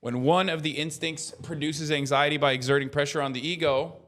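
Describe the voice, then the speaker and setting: A man streaming casual commentary, talking in an animated, profane way that keeps breaking into loud mocking rants. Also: on the high side, fairly quick. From United States. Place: traveling in Japan.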